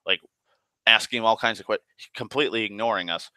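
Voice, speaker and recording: A man's voice: fairly low pitch, fast talker, pushed and bright, no room sound. A man casually recounting a tabletop game session, rambling and profane, full of fillers and restarts. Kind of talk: casual spoken storytelling.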